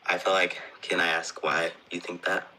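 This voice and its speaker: A man's voice: sits low, flat delivery, normal speed, pushed and bright. A man joining a live stream as a guest, reading a card aloud hesitantly and then asking a question.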